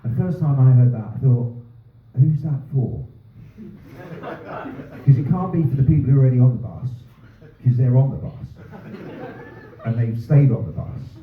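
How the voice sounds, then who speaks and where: A man from North doing a stand-up set, ranting and swearing with dry deadpan asides. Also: medium pitch, a little fast. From North London. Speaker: stand-up comedian. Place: small pub comedy room. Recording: roomy, distant, phone-like sound. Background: audience laughter.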